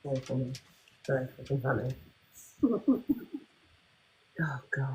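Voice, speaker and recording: A British woman co-hosting a livestream chat in a wry, low-key and casual way. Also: lively intonation, slow, darkish tone. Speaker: podcast co-host.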